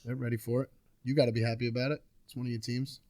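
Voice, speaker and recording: A man's voice: mid-range voice, level tone, warm tone, no echo. Agreeable male podcast co-host. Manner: agreeable quick interjections. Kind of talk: casual sports chat.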